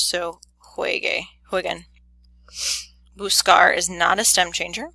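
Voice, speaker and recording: Woman teacher, low-ish voice, unhurried methodical delivery, dry close sound. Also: dry recording. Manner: methodical, steady step-by-step explaining; corrects own slips quickly. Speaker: Spanish teacher. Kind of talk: recorded grammar lesson.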